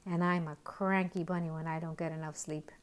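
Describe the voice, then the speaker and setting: A woman's voice: sits low, flat delivery, fairly quick, natural voice. A woman reading the part of a cranky rabbit in a children's storybook, in a grumbling, complaining way. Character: grumpy rabbit who dislikes spring.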